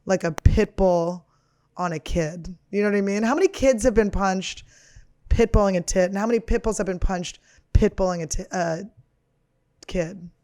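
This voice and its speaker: A woman's voice: medium pitch, moderate pace, warm tone. A woman in her thirties hosting a podcast, riffing through a casual comedic monologue in a crude, rambling, profane and self-mocking way. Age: 30s.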